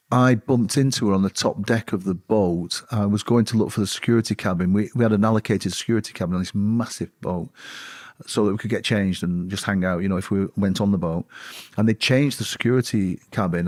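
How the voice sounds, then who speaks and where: A man, a former bodyguard, recalling his work in a casual interview, talking in halting bursts with fillers and restarts. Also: on the low side, darkish tone, dry recording, clean studio sound. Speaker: former royal bodyguard and author.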